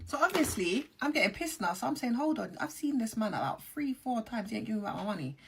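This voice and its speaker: A woman's voice: on the high side, very animated, quick pace, vocal fry, fairly bright tone, husky. A woman, hosting a storytime vlog, talking animatedly and straight to her viewers with plenty of slang. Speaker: channel host.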